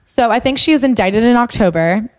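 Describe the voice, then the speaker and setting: A woman's voice: lively intonation, a little fast, a little mellow, dry recording, studio quality. Sarcastic woman podcast co-host. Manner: sarcastic, incredulous, pitch jumps when exasperated. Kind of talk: casual chat reading from a book.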